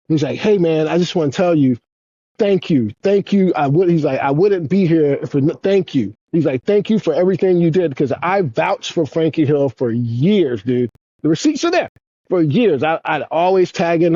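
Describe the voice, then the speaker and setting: Excitable man with a lively, swooping voice. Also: moderate pace, no echo, highs cut off. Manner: excited storyteller, swears a lot, animated swings in pitch. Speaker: podcast guest, former pro skateboarder. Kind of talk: casual interview chat.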